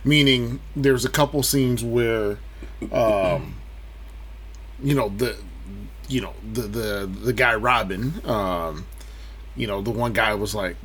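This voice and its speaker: A man talking casually in a podcast movie discussion, halting with many fillers. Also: fairly low pitch, a bit bright, a little hiss or hum. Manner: slow, hesitant, many fillers. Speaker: podcast co-host.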